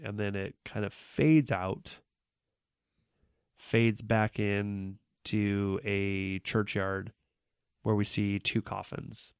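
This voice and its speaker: A man with a low, gravelly voice and plenty of vocal fry talks through a movie plot in casual podcast chat. His delivery is laid-back and loose, with ums and likes. The sound is dry and close. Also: fairly even intonation, extremely slow, no room sound. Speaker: podcast co-host.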